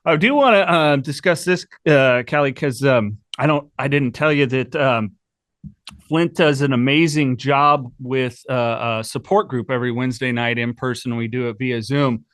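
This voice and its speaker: A man hosting a podcast, asking a question in a hesitant way with many pauses and fillers. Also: medium pitch, a bit bright, no echo, studio quality. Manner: hesitant, many ums and uhs. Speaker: podcast host. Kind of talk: casual interview.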